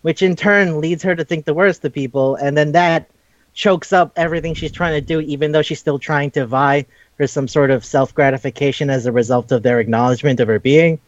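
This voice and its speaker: Profane, animated man retelling a cartoon. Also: on the high side, fairly quick, no room sound, lo-fi sound. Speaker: podcast co-host. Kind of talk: casual chat recapping an anime.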